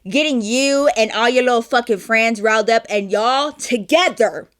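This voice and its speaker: Young woman doing storytime, kinda high voice, animated, cursing a lot, talks to viewers like friends. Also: normal speed. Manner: animated, heavy swearing, addresses viewers as y'all. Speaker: vlogger telling a story. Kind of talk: casual storytime.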